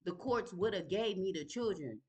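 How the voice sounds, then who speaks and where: A woman's voice: mid-range voice, lively intonation, normal speed, a little mellow. A woman telling her own story in a vlog, talking in an emphatic, conversational way and often asking "you feel me?". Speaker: vlogger sharing her story. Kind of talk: casual personal storytelling.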